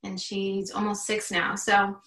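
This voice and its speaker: A woman in her thirties speaks with heartfelt earnestness in a loose, chatty way. Her voice is bright and forceful. She sits a little back from the mic in a roomy, echoing space. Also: mid-range voice, completely flat delivery, unhurried, distant mic. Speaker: guest. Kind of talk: candid conversation.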